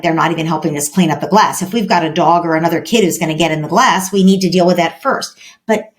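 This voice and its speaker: Woman, parenting expert guest; explanatory, acts out soft parent-child dialogue, tags with "right?". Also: on the low side. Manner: explanatory, often ends points with "right?". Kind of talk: podcast interview advice.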